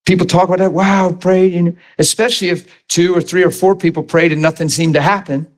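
A middle-aged man, preaching a sermon in a conversational, animated way, with asides to the congregation. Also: high voice, fairly quick. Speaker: pastor.

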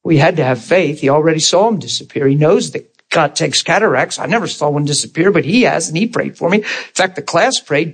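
A man's voice: a little high, expressive, fast, vocal fry, few pauses, husky. Male preacher, conversational sermon. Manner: conversational, asks the room for agreement; acts out prayers and God's replies in quotes. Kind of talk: sermon to a small class.

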